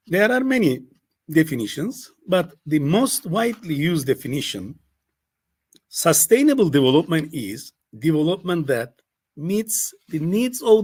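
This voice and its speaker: An older man whose first language is Turkish delivers a university presentation in English. His voice is husky, and his pitch rises and falls a lot. He halts often and repeats phrases as he goes. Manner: halting, with fillers and repeated phrases. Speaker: university lecturer. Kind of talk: academic presentation.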